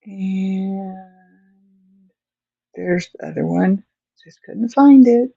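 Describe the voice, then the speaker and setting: Her medium-pitched voice is creaky, mellow and slightly rough, and she speaks extremely slowly. She's hosting a casual crochet stream, chatting with viewers and talking to herself while crocheting, frequently apologetic and yawning. The recording is dry and lo-fi.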